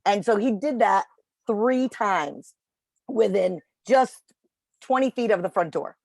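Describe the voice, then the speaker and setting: A woman's voice: medium pitch, slow, no echo. Chatty woman on a dry video call. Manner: chatty storytelling, animated voices for quotes. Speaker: puppy raiser trainer. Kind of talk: casual Zoom chat.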